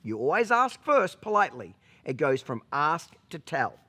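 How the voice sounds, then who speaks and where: A man's voice: on the high side, big pitch swings, moderate pace, sharp tone. A man telling a story as a horse trainer, blunt and profane, punctuating points with rhetorical questions. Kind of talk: storytelling vlog.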